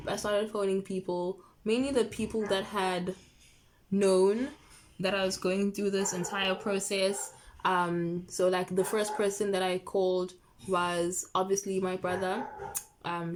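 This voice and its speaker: A woman in her early twenties telling a personal story in a casual vlog, chatty and excitable, full of fillers and quoted dialogue. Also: mid-range voice, a little hiss or hum. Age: early 20s. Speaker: vlogger.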